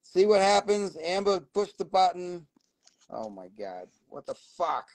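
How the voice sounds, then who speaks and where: A man's voice: sits high, very animated, measured pace, no echo, poor audio. A middle-aged man hosting a casual live sales stream for minerals, rambling and swearing as he goes. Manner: rambling and profane, swearing often.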